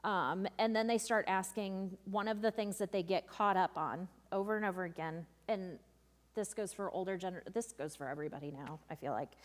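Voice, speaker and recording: A woman's voice: mid-range voice, brisk. A woman youth leader giving a workshop talk, chatty and full of ums and asides as she tells stories. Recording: long reverb of a large room.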